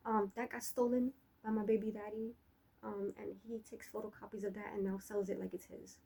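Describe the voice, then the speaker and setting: Profane, rambling woman with a breathy voice. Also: mid-range voice, flat delivery, brisk, warm tone, low-quality recording. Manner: profane, laughing, trash-talking. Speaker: vlogger. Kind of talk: rambling personal monologue.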